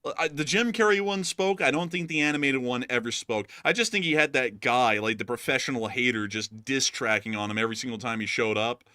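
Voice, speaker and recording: A man's voice: medium pitch, a little fast, hardly any pauses, sharp tone, clear, resonant tone, no room sound, clean studio sound. A man hosting a casual war news show, rambling and joking with many fillers. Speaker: host.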